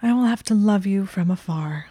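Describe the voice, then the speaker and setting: A woman's voice: mid-range voice, normal speed, warm tone, slightly rough, no room sound, clean studio sound, close to an everyday voice. A woman playing a haughty, whining young wizard. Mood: cajoling. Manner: theatrical, plaintive and lofty. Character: haughty young male wizard, dramatic, whiny.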